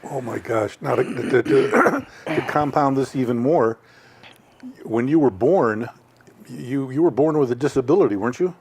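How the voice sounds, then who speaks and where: A man's voice: mid-range voice, expressive, moderate pace, a little mellow, breathy edge. A man hosting an interview, asking his guest probing, direct questions. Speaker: interview host.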